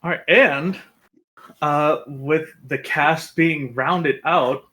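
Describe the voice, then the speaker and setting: A man's voice: fairly high pitch, drawn-out words, bright, forceful tone. A man hosting a tabletop game stream, reading sponsor announcements and introducing players in an upbeat, scripted way. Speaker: host and game master.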